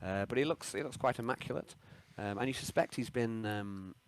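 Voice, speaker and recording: A man running a tabletop game as game master, relaxed and full of ums and restarts. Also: lowish voice, brisk, background noise.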